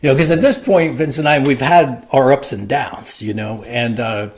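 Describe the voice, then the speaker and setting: Middle-aged guy rambling thru an old work story, lots of ums and you-knows, average pitch. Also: moderate pace. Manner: rambling, animated anecdote telling with many fillers. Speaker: interview guest, wrestling creative. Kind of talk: casual storytelling interview.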